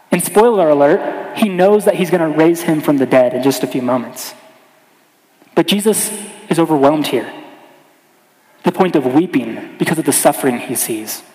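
A man with a fairly high voice preaches a sermon, earnest and deliberate, easing down and going quiet on the lines that matter most. His voice rings through a roomy hall with a long, trailing reverb. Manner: earnest, slows and softens on key lines.

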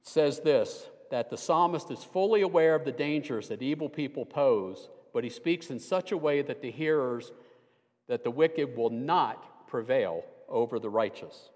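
A man's voice: medium pitch, animated, unhurried, darkish tone. An older man giving a conversational sermon as a guest preacher, with dry, self-deprecating humor. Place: church sanctuary. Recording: long hall reverb.

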